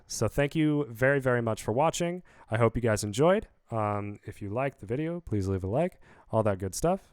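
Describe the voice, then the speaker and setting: Casual young-sounding man, smooth dry voice. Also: mid-range voice, dry recording. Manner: rambling, upbeat, lots of fillers. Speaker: musician explaining his song. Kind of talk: casual video breakdown. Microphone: studio vocal mic.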